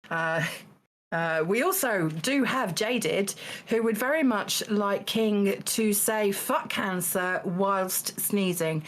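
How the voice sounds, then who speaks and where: Dry-humored woman hosting. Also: lowish voice. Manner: dry, teasing, with many ums and restarts. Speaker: host running a charity game show stream. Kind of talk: casual live-stream hosting.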